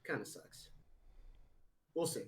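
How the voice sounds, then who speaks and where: A man's voice: takes it slowly, a little hiss or hum, low-quality recording. Laughing, rambling man on a podcast. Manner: rambling, laughs often, teasing. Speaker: podcast co-host. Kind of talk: casual chat. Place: studio or home room, live podcast.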